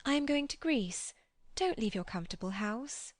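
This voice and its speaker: A woman's voice: fairly high pitch, expressive, normal speed, voice pushed up, lightly acted. A woman voicing an anxious proper young lady. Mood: pleading. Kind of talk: audiobook character reading.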